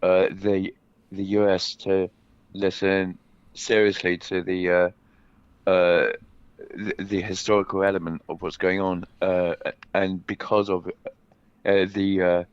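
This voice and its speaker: A man's voice: low voice, level tone, slow pace, pauses often, clean tone, dry recording, muffled recording. A man calling in to a chat show, talking hesitantly with many fillers. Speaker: caller.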